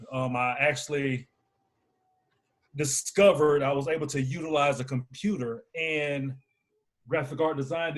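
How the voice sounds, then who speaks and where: A man from Alabama, a business owner and podcast guest, telling his story in a lively, playful, casual way. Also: on the high side. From Huntsville, Alabama. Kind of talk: casual conversational interview.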